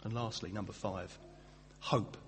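A man's voice: lowish voice, steady tone, a little slow, faint music behind. A man preaching a casual Christmas sermon, chatty and self-deprecating, with fillers and restarts. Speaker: pastor. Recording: distant reverberant hall with faint hum.

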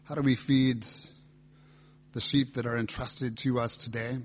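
A man's voice: medium pitch, level tone, a little slow, husky. A man pastor preaching a reflective, earnest sermon, reading and voicing scripture dialogue as he explains it.

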